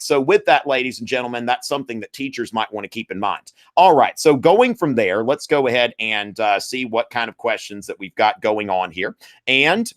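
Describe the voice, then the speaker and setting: A man's voice: medium pitch, fairly bright tone. Guy teacher doing a live review stream, lots of ums and uhs, talks right to the chat. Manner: chatty, filler-heavy, addresses viewers as y'all.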